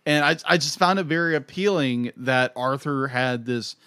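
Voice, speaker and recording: A man's voice: mid-range voice, moderate pace, bright, forceful tone, smooth, dry recording. Young male co-host, enthusiastic and chatty, dry close recording. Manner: enthusiastic, laughs often, acts out quotes. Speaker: podcast co-host. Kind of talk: casual film review chat.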